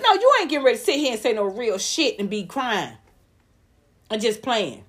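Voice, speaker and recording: A woman, hosting a casual live-stream gossip chat, loud, blunt and profane, laughing often. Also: high voice, expressive, brisk, husky. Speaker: celebrity gossip vlogger.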